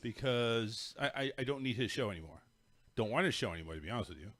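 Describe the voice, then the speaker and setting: Man, casual podcast host, lively pitch, joking, swearing, dry room. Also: fast, no room sound. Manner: animated, swearing, laughs often. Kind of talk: casual chat.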